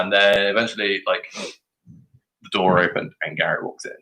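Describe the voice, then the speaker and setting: A man's voice: deep voice, fairly even intonation, moderate pace, gravelly, bright, forceful tone, low-quality recording. A young British man telling a rambling story on a podcast, full of fillers and swearing. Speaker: podcast guest. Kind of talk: casual storytelling chat.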